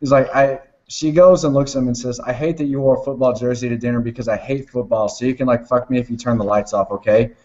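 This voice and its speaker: Casual male co-host, rambling and profane storyteller, mid pitch, dull lo-fi recording. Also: fairly even intonation, fast, few pauses, darkish tone. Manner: rambling, swears often, laughs while retelling. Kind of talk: casual chat.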